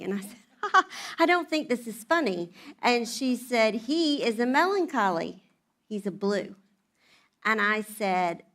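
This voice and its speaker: A woman's voice: mid-range voice, a bit bright. A middle-aged woman from the American South with a Southern accent, speaking at a church women's event and telling funny family stories in a chatty, humorous way. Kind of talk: storytelling talk to an audience.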